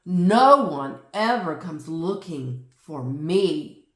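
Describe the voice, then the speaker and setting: A woman voicing a grumpy male polar bear with a gruff, sulky manner. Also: lowish voice, animated, extremely slow, fairly bright tone, exaggerated voice. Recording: roomy echo.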